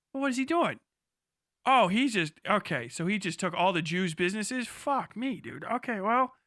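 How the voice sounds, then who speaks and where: A very high-voiced man rants live in disbelief and swears through every line. His tone is bright and forceful. The recording is close and dry. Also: no room sound. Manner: profane, incredulous, animated. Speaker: livestreamer. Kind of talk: crude reaction commentary.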